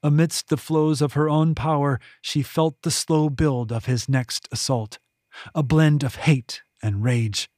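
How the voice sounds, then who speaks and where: A man narrating his own fantasy novel as an audiobook, reading in a measured, steady way with dramatic emphasis. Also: a little high, dry recording, clean studio sound.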